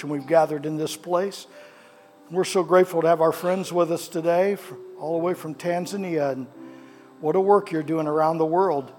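A man's voice: on the high side, normal speed, darkish tone, soft background music. A man preaching a sermon as pastor of a church, with a fervent cadence that repeats phrases, then leading prayer. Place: church sanctuary.

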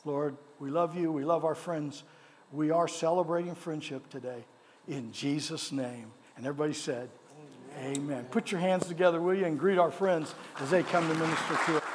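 A man's voice: on the high side, steady tone, fairly quick, a crowd in the background, background noise. A man preaching a sermon as pastor of a church, with a fervent cadence that repeats phrases, then leading prayer. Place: church sanctuary.

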